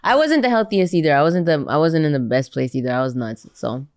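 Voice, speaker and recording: A woman's voice: low-pitched, animated, fast, over a noisy crowd. A woman from Canada with a Canadian accent, chatting as a podcast guest in a loose, candid way, swearing freely and laughing often. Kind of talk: casual chat.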